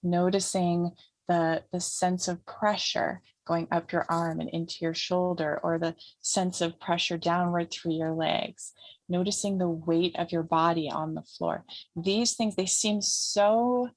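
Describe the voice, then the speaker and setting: A woman giving a calm, instructive talk about healing trauma as a guest speaker, often repeating phrases for emphasis. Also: lowish voice, unhurried, no echo. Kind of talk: teaching talk in an interview.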